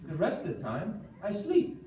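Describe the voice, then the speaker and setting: A man putting on a cheerful friend who spouts cryptic one-liners in a sing-song, deadpan way. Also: high-pitched, normal speed, background noise. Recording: echoey room from far off.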